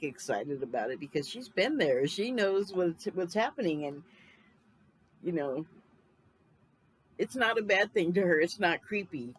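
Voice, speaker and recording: A woman's voice: fairly low pitch, husky, poor audio. A woman in her fifties from Los Angeles, casually reviewing a film in a rambling, chatty way, with frequent small laughs and self-corrections. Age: 50s.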